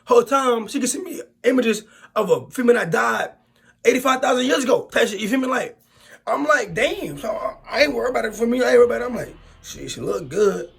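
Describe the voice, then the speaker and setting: A young man, telling a long storytime with slangy, repetitive, excitable talk. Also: very high voice, fast talker, gravelly, breathy edge. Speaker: storytime YouTuber. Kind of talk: animated storytime monologue.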